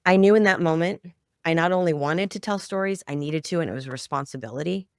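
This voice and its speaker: Woman with a gravelly, heartfelt storytelling voice. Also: deep voice, fast, no echo, clean studio sound. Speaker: podcast guest, children's media founder. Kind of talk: interview storytelling.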